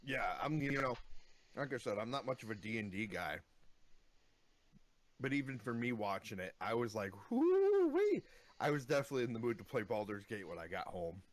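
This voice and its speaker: Lower-voiced man chatting bluntly about films. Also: brisk. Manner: blunt, swears casually, recounts scenes with bursts of excitement. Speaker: podcast co-host. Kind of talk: casual chat.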